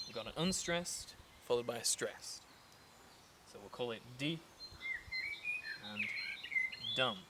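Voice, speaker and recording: A man's voice: medium pitch, heavy background noise. Chatty male poetry teacher outdoors. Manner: chatty and explanatory, with many fillers and restarts. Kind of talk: casual spoken lesson. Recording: outdoor recording with clear nature sounds behind. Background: birds and rural ambience.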